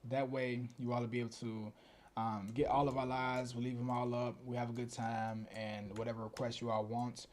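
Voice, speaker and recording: A man's voice: medium pitch, little pitch movement, normal speed, slight background noise. A man co-hosting a casual true crime live stream, laid-back and easygoing.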